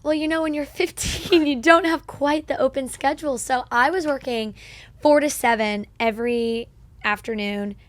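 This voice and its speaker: Lively woman guest telling stories. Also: high-pitched, normal speed, no echo. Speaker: podcast guest. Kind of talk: casual interview chat.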